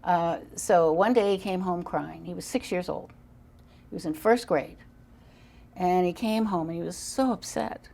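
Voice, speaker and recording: Earnest older woman with gravelly low voice. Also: measured pace, warm tone. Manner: earnest, emphatic. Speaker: parenting guest. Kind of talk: interview storytelling.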